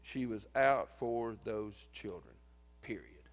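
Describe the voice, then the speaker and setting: A man's voice: on the low side, takes it slowly. A man giving a eulogy at his wife's funeral, telling folksy stories and acting out what people said. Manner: folksy, tells stories and acts out quoted lines. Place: church sanctuary. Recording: long church reverb.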